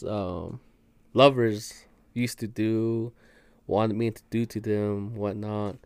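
A man's voice: on the low side, slow, pauses often, darkish tone, smooth, dry recording. A man guest on a podcast, telling a story in loose, profane slang and laughing as he goes. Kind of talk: casual storytelling chat.

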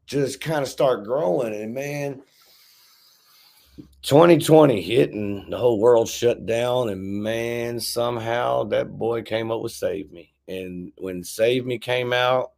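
A man's voice: medium pitch, takes it slowly, gravelly, darkish tone. Rambling man telling stories. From Memphis, Tennessee. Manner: rambling, heavy swearing, frequent restarts. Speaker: podcast guest, rapper. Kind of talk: casual storytelling conversation.

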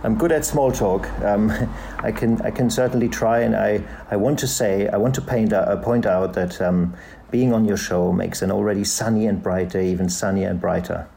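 Gravelly German man, hesitant. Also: fairly low pitch, moderate pace, warm tone, slight background noise. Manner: hesitant, many fillers and restarts. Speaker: guest, journalist and author. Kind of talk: conversational interview answers. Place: podcast recording.

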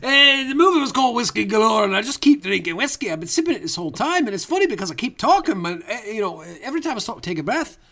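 A man's voice: high voice, very animated, quick pace, few pauses, pushed and bright, heavily acted. A man improvising a dead Scottish narrator's ghost in a comedy podcast bit, folksy and rambling with a Scottish accent that thickens as the figure drinks whiskey and turns foul-mouthed. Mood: tipsy rambling. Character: dead, boozy old Scottish male narrator ghost, folksy turning mean.

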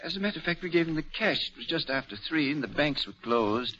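An obliging, businesslike jeweler. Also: male voice, a little high, expressive, fast talker, sharp tone. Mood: courteous. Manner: courteous, businesslike. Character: smooth, obliging male jeweler. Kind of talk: 1940s radio acting. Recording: dull old radio broadcast.

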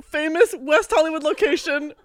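A woman's voice: sits high, normal speed. A woman co-hosting a casual chat, playful and joking, laughing easily. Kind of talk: casual chat, tasting celebrity liquor.

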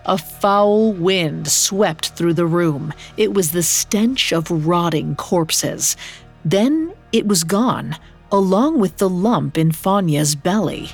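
A woman storyteller reading a folk tale in a measured, hushed way. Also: lowish voice. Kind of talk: scripted narration. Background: faint music.

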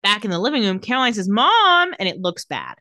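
A woman's voice: mid-range voice, fast, no echo, studio quality. A woman casually recapping a TV episode scene by scene, acting out the characters' lines as she goes. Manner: animated storytelling, quoting characters. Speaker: podcast co-host recapping a TV episode.

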